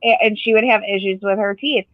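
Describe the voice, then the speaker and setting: A woman's voice: mid-range voice, fairly even intonation, brisk, no echo. Podcast co-host, woman with a chatty rambling style, dry and a little dull on the mic. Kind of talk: casual chat.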